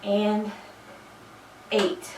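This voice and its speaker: This woman fitness instructor speaks in a mid-range voice that is completely flat, drawing out her words as she counts reps. She still offers encouraging, chatty asides between counts, despite a frog in her throat. The mic sits far off in a noisy, echoey room.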